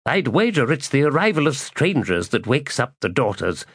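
A man voicing a sharp-tongued, haughty young woman with a harsh, scornful manner. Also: medium pitch, big pitch swings, normal speed, slightly rough, no room sound, studio quality, voice pushed up.

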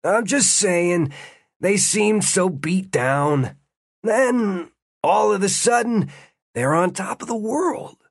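A man's voice: mid-range voice, animated, unhurried, no echo, clean studio sound, close to an everyday voice. A man voicing a nosy, sneering male prison guard who talks bluntly and rambles with self-importance in an audiobook. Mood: pushy.

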